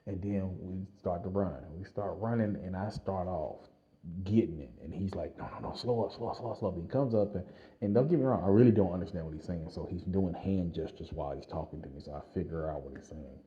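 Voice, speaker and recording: A man vlogging, telling a lively personal story in casual slang with frequent laughs. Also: low-pitched, brisk, highs cut off.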